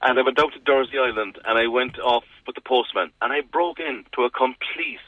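A man's voice: medium pitch, a little fast, dry recording, phone-quality sound. A man with a Cork Irish accent, chatting on the radio and telling jokey stories as a guest presenter. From Ireland. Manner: chatty storyteller, jokey, animated. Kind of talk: casual radio chat.

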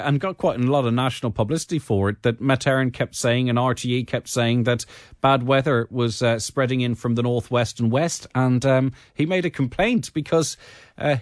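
A man's voice: mid-range voice, no echo. A man hosting a weekend radio chat show in a studio, talking conversationally with plenty of fillers. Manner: conversational, filler-heavy presenting. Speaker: radio host.

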